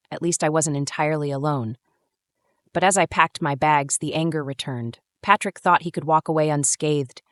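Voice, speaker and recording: A woman in her thirties narrating a first-person drama story in a measured, brooding way. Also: low-pitched, no echo, clean studio sound. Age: 30s.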